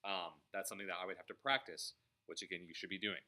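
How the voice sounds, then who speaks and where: A music teacher gives a trumpet lesson, explaining measures and singing the rhythms aloud between bits of playing. His voice is deep, steady and sharp, and he talks fast.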